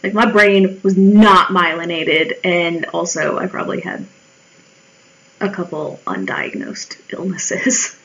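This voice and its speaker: A woman's voice: on the low side, big pitch swings, slow pace, long pauses, fairly bright tone, rough recording. A woman in her twenties chatting casually and wryly while she draws, swearing freely and acting out her own remarks in quoted voices. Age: 20s. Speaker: vlogger. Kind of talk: casual storytelling while drawing.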